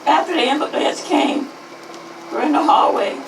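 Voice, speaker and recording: At an outdoor rally, a grieving mother in her fifties gives an impassioned speech, repeating her slogans as her high voice rises to shouts. She is expressive and moderately paced, heard from afar through echo with traffic behind.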